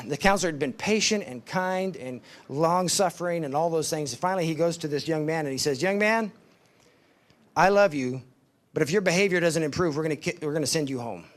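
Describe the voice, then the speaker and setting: A man giving a devotional talk at a ministry summit, telling stories and acting out the people in them, slowing down for emphasis. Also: on the high side. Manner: storytelling, acts out quoted voices, slows for emphasis.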